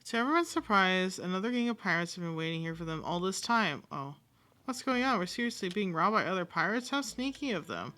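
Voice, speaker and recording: A woman giving casual, animated commentary while playing a video game, reading dialogue aloud and swearing now and then. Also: fairly low pitch, brisk. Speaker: game streamer. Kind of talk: casual let's-play commentary.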